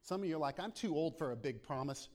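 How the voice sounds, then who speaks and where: Male pastor, impassioned sermon delivery, high voice, big swings in pitch. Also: animated, fast, a little mellow. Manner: impassioned preaching, voices prayers aloud.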